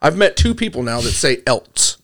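A man's voice: mid-range voice, fairly quick. A man co-hosting a casual podcast, joking at his own expense and swearing freely. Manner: animated, self-mocking, profane. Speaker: podcast co-host. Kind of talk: casual profane banter.

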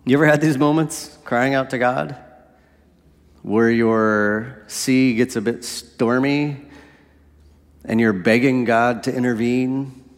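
A man's voice: mid-range voice, measured pace, long reverb tail. A man preaching a sermon in a conversational way, often checking in with his listeners. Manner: conversational, asks "right?" often.

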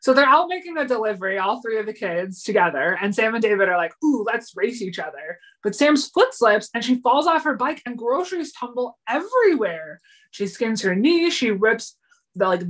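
A woman co-hosting a podcast, retelling a TV episode in an animated, chatty way and slipping into the characters' lines. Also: a little high. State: yawning, a little tired. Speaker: podcast co-host. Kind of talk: casual chat recapping a TV episode.

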